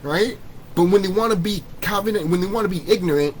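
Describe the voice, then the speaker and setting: Talking fast in a high voice, a male vlogger rants at his audience about spiritual matters, swearing frequently and circling back over the same points with heat. The low-quality recording has slight background noise.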